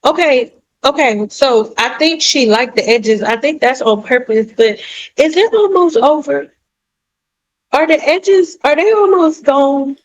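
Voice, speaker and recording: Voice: high-pitched, unhurried, rough recording. A commentator reacting to clips with wry, laid-back remarks.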